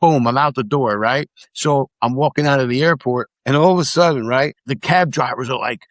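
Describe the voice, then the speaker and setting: A middle-aged man, a podcast guest, casually telling animated stories, acting out the quotes and swearing freely. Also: medium pitch, fairly quick, no room sound. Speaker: podcast guest, former immigration officer. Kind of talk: casual storytelling in conversation.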